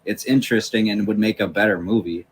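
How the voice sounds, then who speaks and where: A man's voice: on the low side, steady tone, quick pace, husky. A man in a casual podcast chat who talks bluntly, swears offhandedly and laughs easily.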